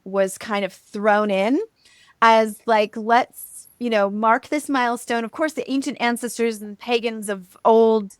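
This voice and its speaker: Chatty high-voiced woman telling folklore. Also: dry recording, clean studio sound. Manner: chatty, laughing, many fillers. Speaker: podcast host. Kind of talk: casual storytelling chat.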